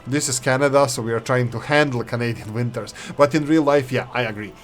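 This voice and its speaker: A man's voice: medium pitch, brisk. A man, hosting casual gameplay commentary in a rambling, opinionated way. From former Yugoslavia. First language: Serbo-Croatian. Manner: rambling, opinionated, self-correcting. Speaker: gaming channel host.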